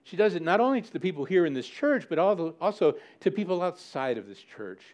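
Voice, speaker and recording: Animated male preacher mid-sermon. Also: high voice, quick pace. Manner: animated, plays out listeners' objections with mock indignation; explanatory, repeats key words for emphasis. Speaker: pastor.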